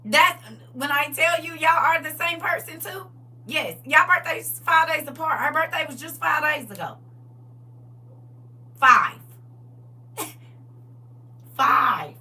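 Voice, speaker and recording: Animated, laughing middle-aged woman. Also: high voice, slow pace, pauses often, recorded from a distance. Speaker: live stream host. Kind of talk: casual chat.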